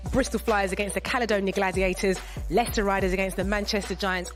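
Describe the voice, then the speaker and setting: Woman sports presenter, upbeat n brisk, faint music under her. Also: medium pitch. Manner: brisk, upbeat, steers questions to pundits. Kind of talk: post-game studio presenting.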